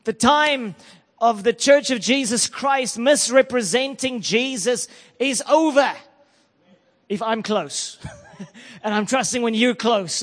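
A man preaching a sermon, telling an emotional story and building to loud declarations. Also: very high voice, in a large hall.

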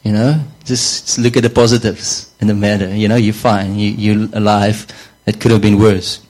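A man's voice: fairly low pitch, level tone, moderate pace, a little mellow, rough recording. A man preaching a sermon in a conversational way, often repeating words and saying "you know".

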